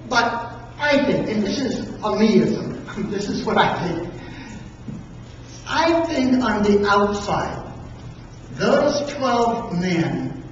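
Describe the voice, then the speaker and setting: A preacher delivering a sermon as dramatic storytelling, with emphatic pauses. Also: mid-range voice, slight background noise. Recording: echoey hall from far off, dull and lo-fi.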